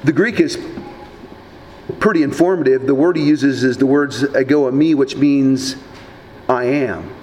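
A man's voice: mid-range voice, unhurried, long pauses, darkish tone. A man preaching a sermon in a conversational, folksy way with casual asides. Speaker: pastor. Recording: long hall reverb, faint background noise.

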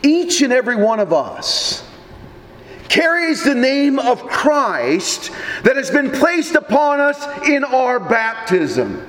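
Casting: a high-pitched male pastor, slow, deliberate and lively, with a long echoey hall reverb. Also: slight background noise. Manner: animated storytelling preacher, deliberate. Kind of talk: sermon.

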